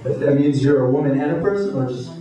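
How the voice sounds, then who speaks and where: A male stand-up comedian telling crude deadpan one-liners, with filler "uh"s, to a club audience. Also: medium pitch, fast. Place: hotel comedy club stage, indoors. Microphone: handheld stage mic. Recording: echoey club from far off, crowd laughing. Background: audience laughter.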